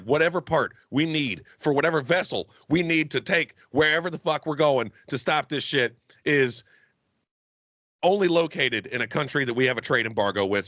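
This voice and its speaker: A young man co-hosting a comedy podcast, telling a long profane bit in a rambling, animated way. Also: a little high, dry recording, dull audio. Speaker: podcast co-host. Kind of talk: casual comedic chat.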